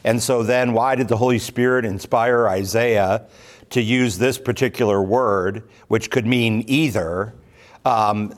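A man leading a Bible class as pastor, talking it through slowly with many pauses, ums and restarts. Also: on the low side. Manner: slow, thoughtful, many fillers and restarts. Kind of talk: unscripted Bible class teaching.

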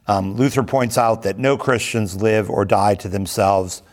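A man reading a scripture passage aloud, then explaining it in a measured teaching manner, often pausing with "um" and asking "right?". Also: fairly low pitch, darkish tone. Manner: measured, explanatory, with frequent ums and rhetorical "right?". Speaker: Bible teacher. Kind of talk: verse-by-verse scripture lesson.

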